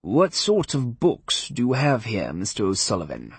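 A man's voice: lowish voice, wildly swooping pitch, moderate pace, husky, dry recording, full character voice. A man voicing a genial, avuncular priest who speaks in a soothing, fatherly way. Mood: curious.

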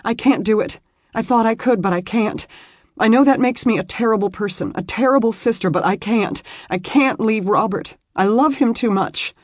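Narrator voicing a tearful young woman, pitched high. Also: moderate pace, no room sound, studio quality, natural voice. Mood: pleading. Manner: pleading, breaking with tears. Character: distraught young woman, loving, pleading.

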